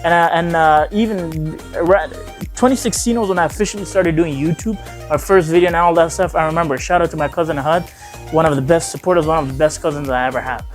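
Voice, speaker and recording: A man's voice: a little high, fast talker, soft background music. A young man from Afghanistan casually telling a long personal story in a vlog, rambling and acting out the dialogue with lots of "he like" and "I'm like". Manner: rambling, acts out quoted dialogue, frequent "he like". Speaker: vlogger.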